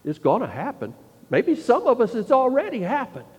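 A man preaching a sermon, emphatic and full of rhetorical questions, often dropping to a quiet, intense tone. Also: very high-pitched, huge pitch swings, normal speed, slightly rough, long reverb tail.

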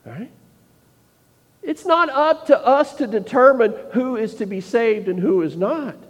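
A man's voice: extremely high pitch, expressive, unhurried. Emphatic preacher man in a reverberant hall. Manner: emphatic, rhetorical questions, drops to quiet intensity. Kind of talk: sermon.

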